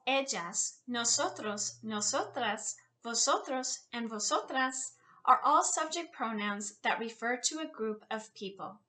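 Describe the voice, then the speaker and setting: A woman tutor teaching a language lesson over a headset mic, repeating each word slowly for her learners. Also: high voice, pushed and bright. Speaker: Spanish tutor. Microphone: USB headset.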